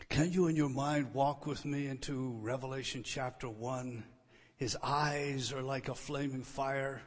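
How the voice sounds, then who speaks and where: A man preaching an expository sermon, repeating key phrases with emphasis and swinging between loud declarations and hushed, quiet lines. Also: mid-range voice, fairly even intonation, measured pace, in a large hall. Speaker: pastor.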